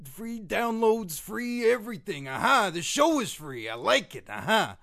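A man doing a brash wrestler impression in a comedy ad sketch, with a gravelly growl and constant "uh-huh" and "yeah" tags. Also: high voice, sing-song, measured pace, fairly bright tone, heavily acted. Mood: gruff hype.

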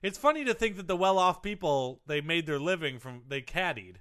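A man with a high, bouncy voice hosts a comedy podcast. His tone is bright and sharp as he reads out odd trivia and slips in deadpan jokes. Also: fairly quick. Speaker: co-host.

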